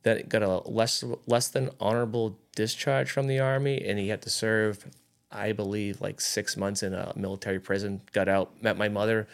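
A man's voice: lowish voice, flat delivery, moderate pace, creaky, clean tone. A man around forty in casual podcast chat, telling a story animatedly and acting out what others said.

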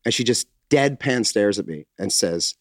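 An American man telling a story in casual chat, animated, acting out quotes and swearing. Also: on the low side, normal speed, dry recording, studio quality. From United States. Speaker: podcast host telling a story.

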